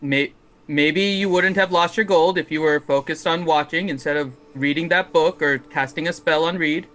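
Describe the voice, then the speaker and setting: A man's voice: fairly high pitch, normal speed, sharp tone. A man playing a tabletop game, talking casually and a little hesitantly. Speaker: player.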